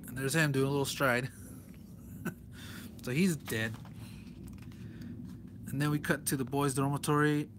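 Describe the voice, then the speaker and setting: A man's voice: mid-range voice, fairly even intonation, a little slow, pauses often, background noise. A man reviewing a comic book page by page in a loose, rambling way, chuckling often as he talks. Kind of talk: casual comic commentary.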